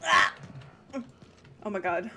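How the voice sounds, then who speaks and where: A young woman streaming a video game, chatting casually, laughing often and breaking into excitable outbursts. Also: lowish voice, slow pace, a little hiss or hum. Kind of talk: casual livestream chat while gaming.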